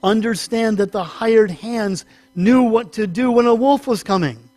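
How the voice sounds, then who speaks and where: Man, pastor, high voice, chatty sermon, humorous anecdotes, dry close sound. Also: measured pace, no echo. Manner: chatty storytelling with humorous asides; animated, acts out small voices in stories. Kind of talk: sermon teaching.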